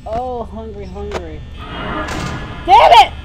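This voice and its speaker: A woman streaming a horror game in character as a cheerful, naive male hero, yelling and pleading at the monsters on screen. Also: mid-range voice, wildly swooping pitch, extremely slow, music in the background, full character voice, poor audio. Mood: panicked. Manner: jumpy, yelling and pleading at the game's animatronics.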